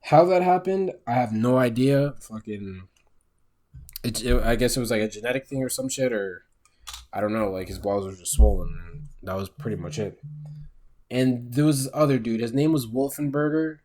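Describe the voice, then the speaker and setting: A young man telling a casual, profane story straight to his audience on his own microphone at home late at night. He keeps it low and relaxed and keeps checking in with "all right?". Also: normal speed. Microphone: own microphone, speaking quietly late at night.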